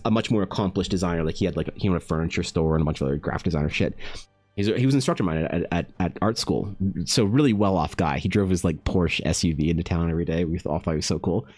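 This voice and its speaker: A man chatting casually while he draws, telling loose, rambling stories full of "like", "bro" and swearing. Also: no room sound. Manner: slides into animated high-pitched voices for quoted people. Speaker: artist streaming while drawing.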